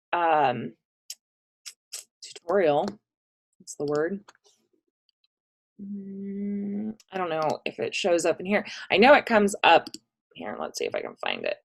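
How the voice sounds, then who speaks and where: A woman teaching an English class in a recorded online lesson, chatty and self-deprecating, reading poetry aloud with relish. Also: medium pitch. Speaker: high school English teacher.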